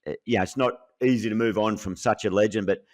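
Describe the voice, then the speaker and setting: A man's voice: on the low side, steady tone, fast talker, darkish tone. A middle-aged man, a former cricketer, recalling an old rival in earnest, reflective podcast chat.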